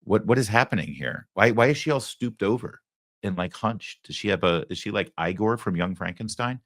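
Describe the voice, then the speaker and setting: A man's voice: on the low side, animated, a little fast, fairly bright tone. A middle-aged man hosting a political commentary show, talking sarcastically with mocking asides. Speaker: host.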